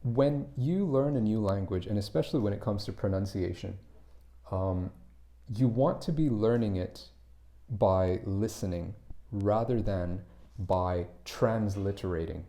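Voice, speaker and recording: A man with a slightly low, mellow voice gives a casual pronunciation lesson. He explains patiently, stumbling into restarts and repeated words as he works out his point. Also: measured pace. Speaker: English pronunciation coach.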